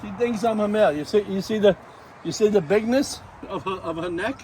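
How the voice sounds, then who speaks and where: A man with a high voice chats in a loose, rambling way, trailing off and restarting as he talks to the camera and coos at his animals. He is recorded outside, with steady yard noise around him. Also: fairly quick, low-quality recording. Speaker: vlog host. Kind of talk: casual chat. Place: outdoor backyard. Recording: outdoor noise.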